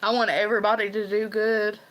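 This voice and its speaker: A woman's voice: mid-range voice, level tone, fairly quick, fairly bright tone, poor audio. A woman talking casually on her own livestream, rambling and earnest with many ums and restarts. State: tearful at times. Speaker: livestream host. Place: farm home.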